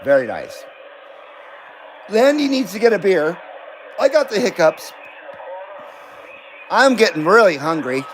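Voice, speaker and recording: A man's voice: high-pitched, sing-song, unhurried, pauses often, slight background noise, poor audio. A middle-aged man hosting a CB radio livestream, chatting casually and rambling with frequent swearing and laughter. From Nevada, US. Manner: laid-back, rambling, swears and laughs often. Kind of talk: casual live-stream chat.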